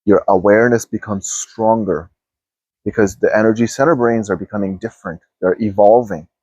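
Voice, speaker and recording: A man talking slowly and softly as a spiritual teacher, guiding listeners through a meditation with sighs and repeated phrases. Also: on the low side, slightly rough, dry recording, highs cut off. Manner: slow, hushed and drifting, with sighs and repeated phrases. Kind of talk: guided meditation talk.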